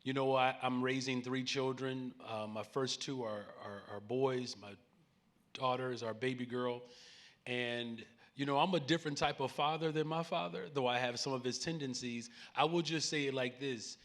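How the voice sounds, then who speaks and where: A man's voice: medium pitch, fairly even intonation, normal speed, fairly bright tone. A man in his forties with a Chicago accent talks from a conference stage. His voice sits in a middle register, and he moves between earnest, preacherly points and easy asides to the audience. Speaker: mayor speaking on a panel. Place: conference main stage before a live audience.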